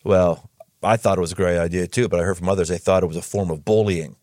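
A man's voice: sits low, steady tone, fast talker, warm tone, dry recording, studio quality. A man hosting a casual conversation, easygoing and folksy in how he talks. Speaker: podcast host. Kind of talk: casual chat.

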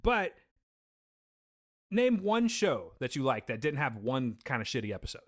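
A man's voice: medium pitch, very animated, normal speed. A man co-hosting a podcast in a casual chat, talking in a playful, teasing and somewhat defensive way. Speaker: podcast co-host.

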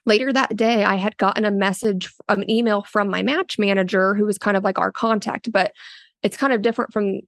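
A woman's voice: mid-range voice, steady tone, a little fast, vocal fry, no room sound, clean studio sound. A woman telling her own story in an interview, earnest and loose, with many fillers and restarts, often quoting others in a raised voice. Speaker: interviewee, a surrogate. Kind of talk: casual spoken interview.

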